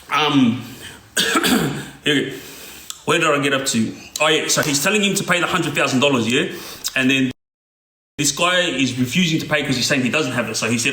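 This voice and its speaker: Recorded in an echoey room with slight background noise, a middle-aged former gang member tells stories in a casual monologue. His voice is on the high side and sharp, with lively intonation, normal speed, and frequent pauses, and he often checks in with "yeah?".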